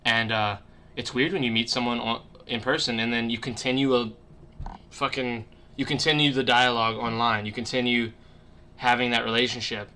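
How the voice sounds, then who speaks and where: Young guy streaming from his room, bright voice, rambly and sweary, webcam mic. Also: medium pitch, fairly even intonation, normal speed, slight background noise. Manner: rambling, lots of swearing and fillers. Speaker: streamer podcast host. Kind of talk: casual chat on a livestream. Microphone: webcam mic on a video call.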